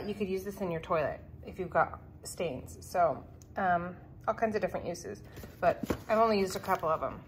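A woman's voice: on the low side, slight background noise. A woman vlogging at home in her kitchen, chatting casually and rambling with lots of fillers as she cleans. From California, USA.

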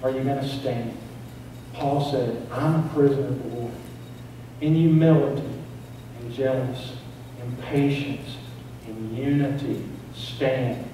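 A man's voice: mid-range voice, fairly even intonation, unhurried, mellow. A man, preaching a sermon as pastor, building emphasis with repeated phrases. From East Tennessee. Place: church sanctuary. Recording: very echoey church, distant mic, faint noise.

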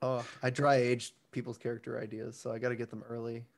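A man's voice: mid-range voice, gravelly. A man who hosts the podcast and runs the game, chatting casually and laughing easily. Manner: animated, quick to laugh. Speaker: podcast host and game master. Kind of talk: casual chat.

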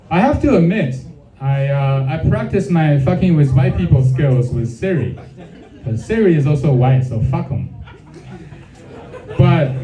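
Crude stand-up comic in an echoey room. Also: male voice, on the high side, dark tone. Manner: crude, punchline-driven, teasing the crowd. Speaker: stand-up comedian. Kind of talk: stand-up comedy set. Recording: echoey room, mic off at a distance.

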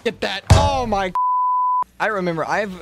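Rambling, excitable young-sounding male streamer. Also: high-pitched, unhurried, very noisy. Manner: rambling, stammering restarts and sudden excited outbursts. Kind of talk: casual live-stream gaming commentary.

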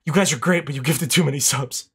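A man's voice: on the high side, quick pace, pushed and bright, slightly rough. A young man streaming, rambling casually through thank-yous to his chat and swearing now and then, a little out of breath.

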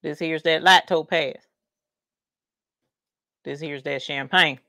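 A woman's voice: sits low, fairly even intonation, slow, bright, forceful tone, no room sound, studio quality. A woman with a Southern US country accent, chatting folksily while hosting a craft livestream. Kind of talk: casual livestream chat.

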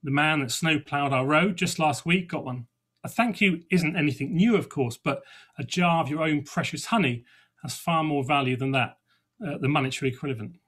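A man's voice: a little high, moderate pace, fairly bright tone, slightly rough. An Englishman, middle-aged, telling of his homestead life in a conversational way, with dry humour and small restarts. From England. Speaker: podcast host. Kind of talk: reflective first-person talk.

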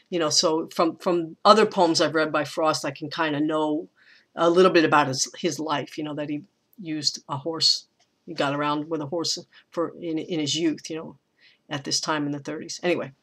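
A teacher with a bright, clear-edged voice talks through a poem's meter in a relaxed recorded lecture. Lines of verse are read slowly, with the stressed beats leaned on. Between the readings the explanation thinks aloud and restarts now and then. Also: mid-range voice. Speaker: college English teacher.

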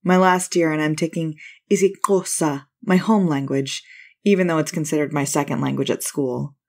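An easygoing, curious teenage boy surfer chats in a low, relaxed tone, as a woman reader puts him on. He sounds friendly and unhurried, like a character in a spoken short story.

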